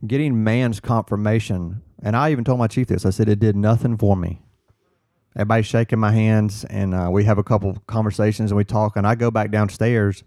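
A man recounts a personal story in casual conversation, earnest and halting, often restarting his sentences. His voice sits on the low side, and the recording is dry with almost no room sound. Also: steady tone, warm tone, no room sound. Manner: earnest, halting with restarts, quotes others in dialogue. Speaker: firefighter guest.

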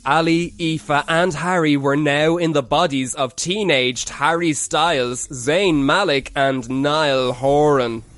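A man's voice: on the high side, fairly even intonation, a bit bright. Man narrating a spooky story. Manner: measured, storybook delivery.

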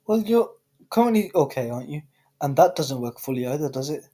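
Young man, podcast co-host, deadpan mock-clever teasing, husky tone. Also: a little high, a little fast. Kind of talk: casual banter.

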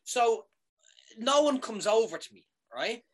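A man telling a funny story in a loose, casual way. He keeps it animated and swears freely. He often pauses to ask "right?" to keep his listener with him. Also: on the high side.

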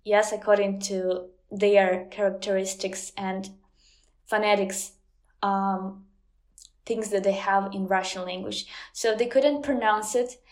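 Slow, hesitant Ukrainian woman. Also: mid-range voice, fairly even intonation, a little mellow. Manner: hesitant, many ums and uhs. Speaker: guest, language teacher. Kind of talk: casual interview chat.

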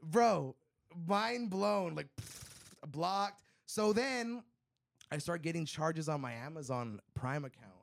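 A man's voice: fairly high pitch, slow pace, creaky. A man on a casual podcast, telling a long story in a rambling, profane way, full of "like" and "bro". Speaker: podcast co-host. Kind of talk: casual chat.

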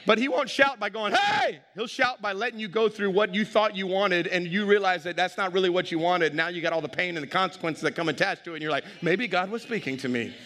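Middle-aged male pastor, high voice, energetic sermon, long church reverb. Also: fast talker, hardly any pauses. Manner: energetic, humorous, rising to shouts. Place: large church.

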